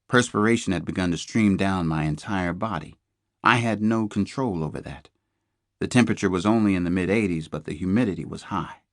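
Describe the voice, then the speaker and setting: A man narrates a crime thriller in the first person, measured and tense. His voice sits low, and the read is close and dry. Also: no echo. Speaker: audiobook narrator.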